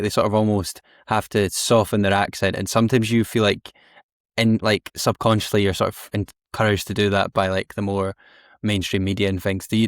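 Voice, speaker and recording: A Scottish man hosting a podcast, talking quickly in a slightly low voice. His delivery is chatty and full of fillers, and the sound is dry and close. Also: no room sound. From East Coast of Scotland. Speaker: podcast host. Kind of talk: casual podcast interview.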